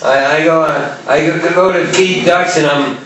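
A male comedian works through a rambling, profane stand-up set. His voice sits a little high and jumps abruptly in pitch and loudness. He is heard from across a club full of echo. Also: steady tone, moderate pace, a crowd in the background. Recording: echoey club from far off.

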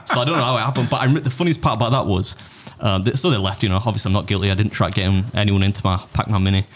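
A man's voice: on the low side, racing, a little hiss or hum. A man in casual podcast chat, telling a funny story and acting out the people in it. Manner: laughing anecdote teller, acts out quotes.

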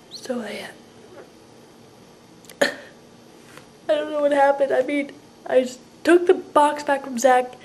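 High, lively woman in a comic sketch. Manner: theatrical, groggy mumbling and whispers shifting to frantic shouting. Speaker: comedic video sketch performer. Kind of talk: home-video comedy sketch. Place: home kitchen.

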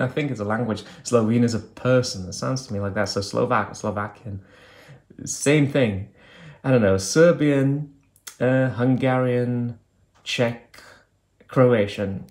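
A man's voice: mid-range voice, darkish tone. A man reviewing an old phone, talking casually and thinking aloud with hesitant fillers as he clicks through menus. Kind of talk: casual hands-on product demo.

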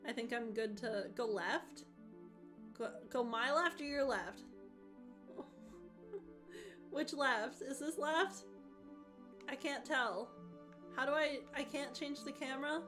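A woman's voice: sits high, takes it slowly, pauses often, music in the background. A woman streamer chatting playfully through a game, laughing often and reading the game's dialogue aloud. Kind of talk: casual gameplay commentary.

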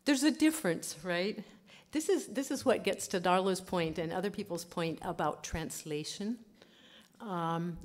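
Give me a woman linguist giving a lively talk, mid-pitched and chatty. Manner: chatty, laughing often, peppers with "okay". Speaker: linguist giving a conference lecture. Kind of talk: lively lecture to an audience.

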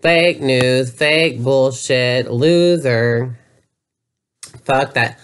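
Slow, sneering man ranting. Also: mid-range voice, smooth. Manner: mocking, profane, jeering. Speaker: YouTuber. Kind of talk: sarcastic comedy rant.

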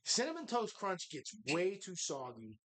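A man's voice: high voice, wildly swooping pitch, moderate pace, a bit bright. A man hosting a live bar show, chatting casually in a rambling, profane, jokey way.

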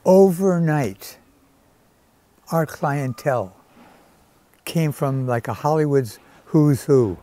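An older man telling anecdotes in an interview, animated and acting out the people he quotes. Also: a little high, slow pace, long pauses. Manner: animated storyteller who acts out quoted voices. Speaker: interviewee, celebrity hairdresser. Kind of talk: storytelling anecdotes.

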